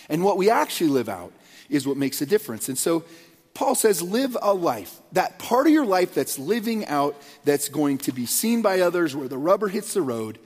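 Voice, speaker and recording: A man's voice: a little high, husky. Man, pastor, earnest conversational sermon, fillers and restarts, long hall echo.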